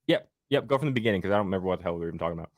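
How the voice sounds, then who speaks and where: A man with a very low voice, hosting a livestream in loose, rambling chat. The sound is dry and close, with no room around it. He jokes easily with his co-host and the chat. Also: animated, very fast, no room sound. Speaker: host of a sports betting stream.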